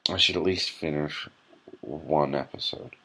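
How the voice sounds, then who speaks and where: Man, hungover, husky rough voice, irritable sweary vlog commentary. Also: extremely low pitch, bright, forceful tone. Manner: irritable, swearing, sighing rant. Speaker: vlogger. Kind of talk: ranting running commentary.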